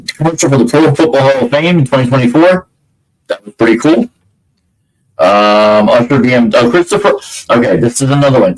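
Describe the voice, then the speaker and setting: A man's voice: medium pitch, poor audio. A man hosting a podcast, giving a casual, rambling rundown with frequent restarts and fillers. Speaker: podcast host. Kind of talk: casual solo commentary.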